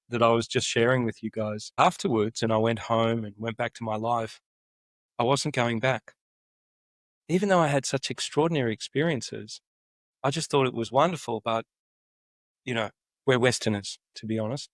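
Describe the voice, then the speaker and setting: A man speaking as a podcast guest, earnest and enthusiastic as he lays things out step by step. His pitch is an everyday middle register, and the recording is close and dry. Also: no room sound. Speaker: guest, spokesperson for a spiritual practice. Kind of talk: earnest explanation in conversation.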